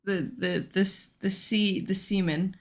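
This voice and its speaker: A woman's voice: mid-range voice, fairly even intonation, a little slow, close to an everyday voice. Awkward young adventurer, stumbling speech, everyday voice, a woman in a tabletop game. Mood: fumbling. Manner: stumbling, searching for words.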